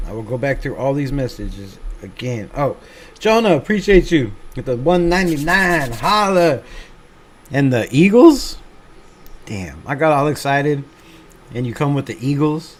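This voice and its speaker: A man hosts a fan channel livestream, chatting casually and reading viewer comments aloud in a laid-back manner, swearing and mocking himself. His mid-range voice swings widely in pitch, and he talks a little slowly.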